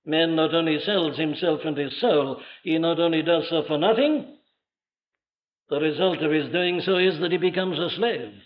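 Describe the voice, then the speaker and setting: A man's voice: a little high, normal speed. An older man preaching a sermon with emphatic rhetorical questions and dramatic swells of voice. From Wales. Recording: dull lo-fi archive sermon recording.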